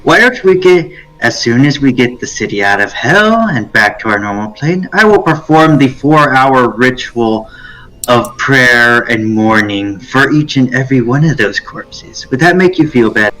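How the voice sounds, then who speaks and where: A man's voice: mid-range voice, expressive, moderate pace, pushed and bright, faint music behind, low-quality recording. A man voicing a prickly male priest who answers with dry sarcasm. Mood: sarcastic.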